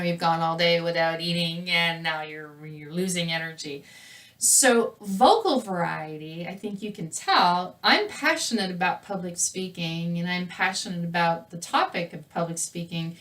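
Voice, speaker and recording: A woman teaching public speaking in a recorded lesson, with a lively, conversational delivery where her voice rises and falls. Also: on the low side, distant mic. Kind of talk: presenting a recorded lesson to camera.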